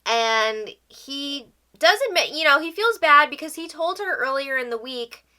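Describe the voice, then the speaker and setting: A woman hosts a casual recap of a reality show, talking things through in a chatty way with opinionated asides. Her voice sits somewhat high and sounds bright and forceful. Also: lively intonation, a little slow.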